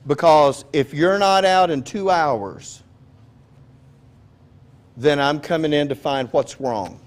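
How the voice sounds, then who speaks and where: A man's voice: a little high, takes it slowly. A man preaching a sermon in a conversational, joking way, often asking his listeners questions. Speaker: pastor.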